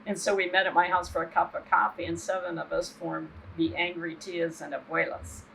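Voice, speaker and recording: A woman's voice: on the low side, little pitch movement, a little fast, gravelly, a bit bright, slight background noise, rough recording. An older woman giving an impassioned interview as a human rights activist, earnest and indignant, often checking in with "right?".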